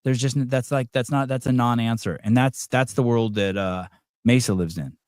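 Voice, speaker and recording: A man's voice: mid-range voice, normal speed, darkish tone, no echo. A middle-aged man chats on a podcast in a rambling, unfiltered way. He restarts sentences often and drops in swear words. The sound is dry and close. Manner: rambling, many restarts and fillers, blunt and profane. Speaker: podcast host. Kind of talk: casual chat.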